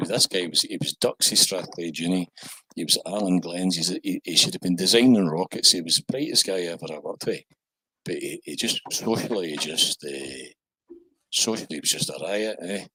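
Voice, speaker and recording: Husky older Scottish man telling stories. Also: sits low, animated, moderate pace, bright, forceful tone, dry recording, low-quality recording. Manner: anecdotal, chuckling storyteller. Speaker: podcast guest. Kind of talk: casual podcast chat.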